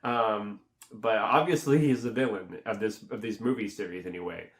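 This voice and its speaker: A man giving a casual, rambling spoken movie review, full of fillers and restarts, who jumps up in pitch when acting out reactions. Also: normal speed.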